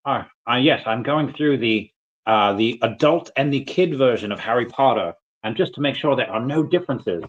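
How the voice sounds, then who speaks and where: A man's voice: medium pitch, lively intonation, normal speed, natural voice. A man doing a put-on British impression of a fussy, awkward nerdy office techie, on lo-fi tablet mic audio.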